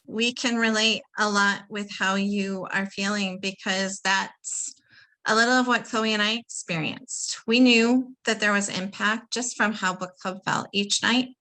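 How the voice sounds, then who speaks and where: A woman's voice: mid-range voice, steady tone, measured pace, sharp tone, rough recording. A woman hosting a webinar over a video call, enthusiastic and addressing the audience as "y'all". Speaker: webinar host.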